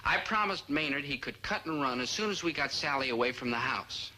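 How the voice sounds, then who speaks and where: A man's voice: fairly high pitch, expressive, brisk, very noisy, natural voice. An actor playing a lovesick, scheming young man who wheedles his friend and speaks to the audience. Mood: wheedling. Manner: earnest, wheedling, talks to the audience. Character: lovesick earnest teen boy, scheming. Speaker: lead character and narrator. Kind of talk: 1960s sitcom acting. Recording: old TV soundtrack with music.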